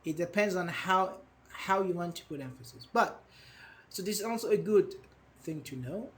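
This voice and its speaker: A man's voice: high voice, moderate pace, fairly bright tone. Patient male grammar teacher. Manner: patient, explains with examples and praises students. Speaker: English teacher. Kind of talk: online grammar class.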